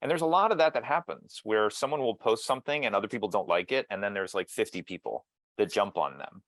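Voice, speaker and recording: Lively low-voiced man on a video call. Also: quick pace, dry recording. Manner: thoughtful, musing, many restarts. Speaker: interviewer and mediator. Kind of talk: casual conversation over video call.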